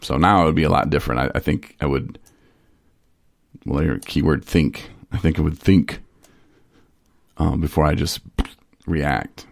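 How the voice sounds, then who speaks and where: A man's voice: rumbling low, fairly even intonation, a little slow, gravelly, pauses often, dry recording, clean studio sound. A man in recovery telling stories on a casual radio talk show, rambling with restarts and short laughs. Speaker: person in recovery sharing his story.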